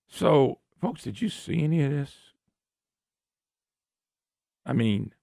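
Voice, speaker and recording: A man's voice: fairly high pitch, creaky, no room sound. A man hosting a talk radio show, delivering an opinionated monologue on a studio microphone, indignant and mocking and often repeating phrases.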